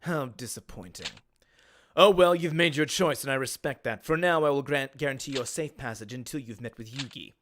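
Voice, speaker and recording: A man with an Australian accent voicing a scheming male villain who speaks in a low, slow, courtly way. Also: a bit bright, a little hiss or hum, close to an everyday voice. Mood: silky menace. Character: smooth scheming male villain offering a choice.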